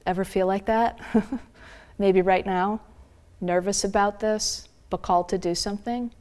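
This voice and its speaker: Woman minister, sermon, earnest storytelling, mid-pitched voice, slows for emphasis. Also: fairly even intonation, a little mellow.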